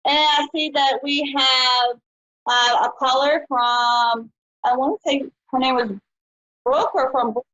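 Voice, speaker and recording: Woman psychic host, high and chatty, muffled live-stream sound. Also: fairly even intonation, measured pace, fairly bright tone. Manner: chatty, folksy, says honey and y'all. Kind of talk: live-stream call-in show.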